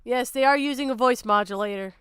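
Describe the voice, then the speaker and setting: A woman's voice: fairly high pitch, quick pace, a bit bright, smooth, dry recording. A woman streaming and chatting casually, with a goofy, cartoonish voice, laughing often and swearing freely.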